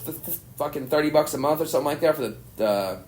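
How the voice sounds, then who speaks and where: A young stand-up comedian from Arkansas, appearing as a podcast guest, tells a long, meandering story, swearing casually and leaning heavily on "dude" and "like." His voice is fairly high, fast, and a little mellow.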